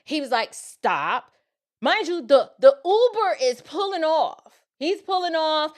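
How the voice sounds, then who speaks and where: An animated woman tells a personal story to her viewers. Her voice sits a little high, and she slips into different voices when she quotes people. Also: unhurried. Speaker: show host.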